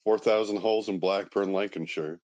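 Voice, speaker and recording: Deep-voiced sarcastic American man. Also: fairly even intonation, normal speed, a little mellow, no room sound, muffled recording. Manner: crude, sarcastic jokes. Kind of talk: casual chat.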